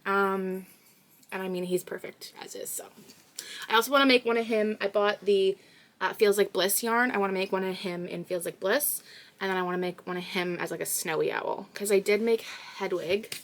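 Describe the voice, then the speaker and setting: A young Canadian crochet vlogger with a mid-range voice talks at a moderate pace while she works. She chats casually and rambles with lots of fillers, recorded on her phone.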